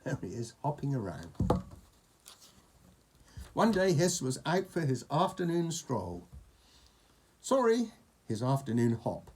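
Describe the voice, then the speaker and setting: A man's voice: medium pitch, wildly swooping pitch, slow, pauses often, a little mellow, slightly rough. A man reading a picture book aloud to a child, with playful, chatty asides.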